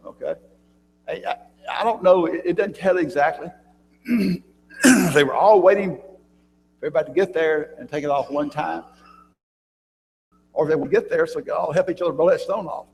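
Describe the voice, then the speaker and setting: A man teaching a church Bible class, talking conversationally, often quizzing his listeners with questions and clearing his throat, recorded in a church room with long reverb and a faint hum. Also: fairly high pitch, darkish tone. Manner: frequent throat clearing and restarts.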